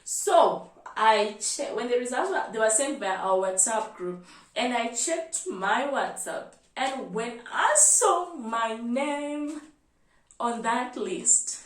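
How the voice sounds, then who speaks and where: A Kenyan woman in her twenties, a medical student, telling a personal story in an animated vlog style. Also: on the high side, roomy sound, recorded from a distance. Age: 20s. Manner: animated storytelling, lively retelling.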